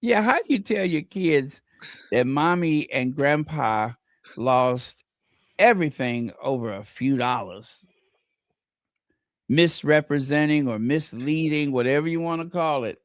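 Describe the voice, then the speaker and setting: A man's voice: a little high, expressive, unhurried, dry recording, clean studio sound. Man gossiping with mocking impressions. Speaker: co-host. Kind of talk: casual gossip chat.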